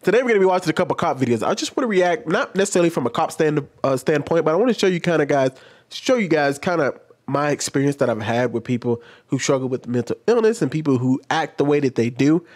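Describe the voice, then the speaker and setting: A man's voice: on the high side, lively intonation, quick pace, darkish tone. A man hosting a casual reaction video, talking loosely and rambling with restarts, close to his microphone. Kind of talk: casual commentary. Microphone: desk microphone close up.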